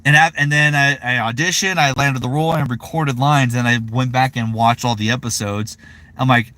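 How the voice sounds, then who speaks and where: A man's voice: medium pitch, brisk, bright, forceful tone, dry recording. A man in his thirties chatting casually on a live stream, rambling with lots of fillers. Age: 30s. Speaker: voice actor streaming.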